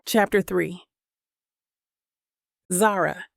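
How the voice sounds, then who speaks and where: Gravelly woman narrating a romance audiobook. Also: fairly low pitch, extremely slow, no room sound, studio quality, soft background music.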